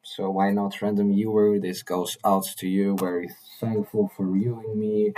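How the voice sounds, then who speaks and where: A man vlogging in a casual monologue, earnest and halting, often repeating and restarting his phrases. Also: lowish voice, little pitch movement, slight background noise, rough recording. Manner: earnest, mildly swearing.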